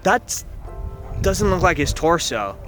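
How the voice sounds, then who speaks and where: A young gaming YouTuber plays a story game outdoors, speaking slowly in a very animated, fairly bright voice over soft background music. He reads the dialogue in silly voices and high falsetto, joking and rambling between lines.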